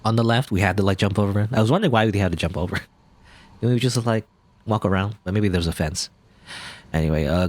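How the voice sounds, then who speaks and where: A man's voice: lowish voice, quick pace, a little mellow, no echo. A man casually commentating on a video game as he plays it, chatty and rambling. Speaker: let's play host.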